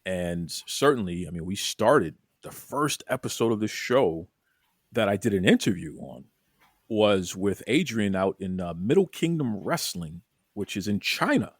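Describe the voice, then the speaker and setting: A man with a Boston accent hosting a casual podcast interview, energetic and folksy, often repeating his words. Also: on the low side, a little slow, no room sound, clean studio sound. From Boston, USA. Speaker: podcast host.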